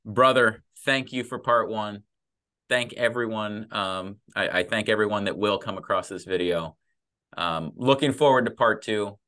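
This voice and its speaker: A man hosts a podcast interview with a low voice. He mostly offers short, affirming replies and wraps up the segment. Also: measured pace, pushed and bright. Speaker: host.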